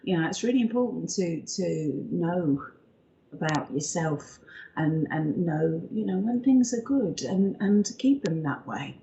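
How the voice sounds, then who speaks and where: A woman's voice: on the low side, expressive, measured pace, vocal fry, warm tone. A woman co-hosting a live psychic stream, chatty, giggly and teasing in casual talk. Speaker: co-host, psychic medium. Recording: dull lo-fi stream audio.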